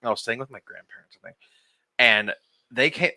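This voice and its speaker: A man's voice: mid-range voice, a little fast, crowd noise. A young man, a podcast co-host, telling a long story in casual group chat, swearing and laughing as he goes.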